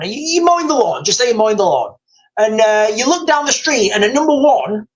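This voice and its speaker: Livestream host, higher voice, rambly, lots of ums, reads chat comments out at his desk mic. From United Kingdom. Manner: rambling, hesitant, reads viewer comments aloud.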